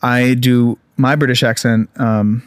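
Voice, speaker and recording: A man's voice: medium pitch, steady tone, a little slow, clean tone, no room sound, clean studio sound. A young man and actor co-hosting a podcast in casual chat, playful and teasing. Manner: playful, teasing, slips into mock accents.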